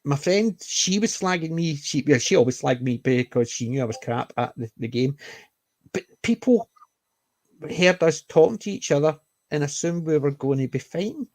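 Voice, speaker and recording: A man's voice: on the high side, animated, moderate pace, dry recording. A Scottish man chatting casually, explaining at length with frequent restarts and self-corrections. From Scotland. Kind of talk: casual chat.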